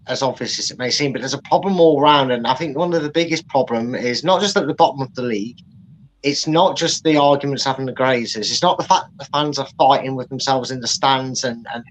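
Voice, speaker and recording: A man, co-hosting a casual football chat and giving rambling, animated opinions. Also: mid-range voice, slight background noise, poor audio. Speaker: co-host.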